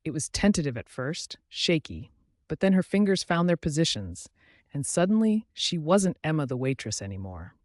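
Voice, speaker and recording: A man narrating a scripted emotional story in a measured, dramatic manner. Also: a little high, very animated, darkish tone, no room sound, clean studio sound.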